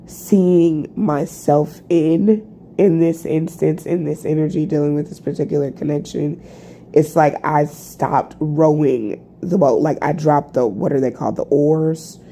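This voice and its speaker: A tired woman vlogging a rambling, halting personal reflection, full of fillers and restarts. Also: low voice, steady tone, warm tone, slight background noise. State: tired, yawning. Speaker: spiritual vlogger.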